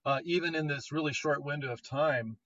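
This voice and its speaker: A man co-hosting a podcast, talking in a casual, animated way and quick to joke. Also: on the high side, crowd noise. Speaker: podcast co-host. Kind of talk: casual conversation. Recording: dull lo-fi audio.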